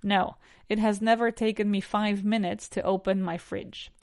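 A woman's voice: mid-range voice, level tone, normal speed, a little mellow, no room sound, studio quality. A woman with a Spanish accent teaching English on a podcast, asking numbered questions and answering them in full sentences.

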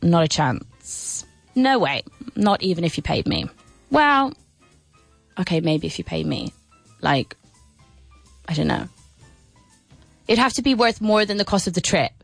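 A woman's voice: fairly low pitch, vocal fry, no room sound. A woman presenting a radio English lesson, playful and full of laughs, with exaggerated sing-song intonation on her questions. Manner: lively, playful, with many laughs. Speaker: English teacher and radio host. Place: radio studio.

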